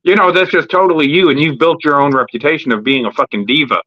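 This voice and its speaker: A man hosting a live wrestling talk stream, ranting casually and profanely about storylines, rambling with fillers and acting out quick promo bits. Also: a little high. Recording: lo-fi streamed audio.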